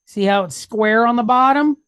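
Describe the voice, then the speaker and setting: A woman's voice: a little high, clear, resonant tone, dry recording, clean studio sound. A woman teaching a reading lesson, patiently sounding out each syllable and checking in with the class. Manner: sounds out syllables slowly, step by step.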